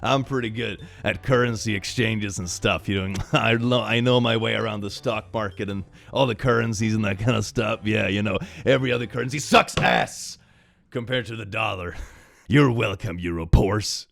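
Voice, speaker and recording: A man's voice: lowish voice, moderate pace, creaky, fairly bright tone. A man hosting casual comedy reaction commentary, sarcastic and laughing often. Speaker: host.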